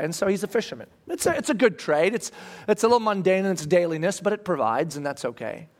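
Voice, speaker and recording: High-voiced man preaching a sermon. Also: fast talker. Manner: lively conversational storytelling. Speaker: pastor.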